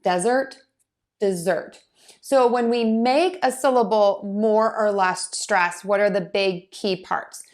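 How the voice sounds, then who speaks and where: A woman pronunciation teacher giving a casual lesson, explaining patiently and methodically with frequent pauses and fillers. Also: mid-range voice, fairly even intonation.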